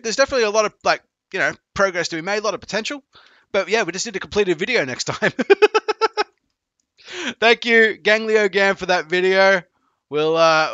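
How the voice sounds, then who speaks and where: A man's voice: sits high, dry recording, lo-fi sound. A man coaching video games on a live stream, chatting casually, swearing and joking with viewers. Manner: profane, joking, excitable.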